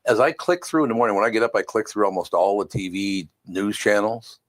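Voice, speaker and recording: Very deep-voiced man host. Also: expressive, a little fast. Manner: chatty, asks the panel questions. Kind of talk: casual panel chat.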